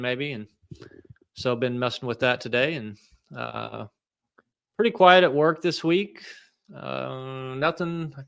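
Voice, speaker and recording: Male co-host, mid-pitched, smooth and resonant, easygoing and casual. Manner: relaxed, easygoing, lots of fillers. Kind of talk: casual chat.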